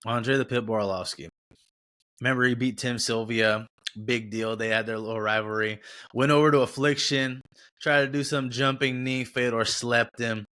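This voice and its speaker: A man's voice: on the low side, bright, forceful tone. Casual rambling young man. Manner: casual, rambling, slangy, self-correcting. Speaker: podcast host. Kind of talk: casual sports podcast chat.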